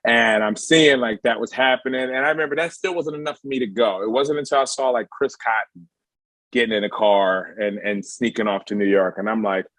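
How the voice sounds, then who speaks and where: A man's voice: mid-range voice, fairly quick, a bit bright, dry recording. A male comedian guest telling stories in a loose, casual way, often checking in with his listener. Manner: loose, keeps asking "you know what I mean". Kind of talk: casual storytelling.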